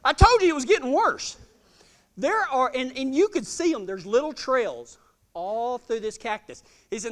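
A man telling a self-deprecating, humorous story in a sermon, animated and laughing often. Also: very high voice, moderate pace.

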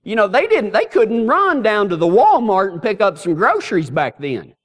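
A man's voice: high voice, normal speed. A middle-aged man preaching a sermon full of folksy, humorous stories. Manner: folksy, humorous, animated storytelling. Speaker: pastor. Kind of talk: storytelling sermon.

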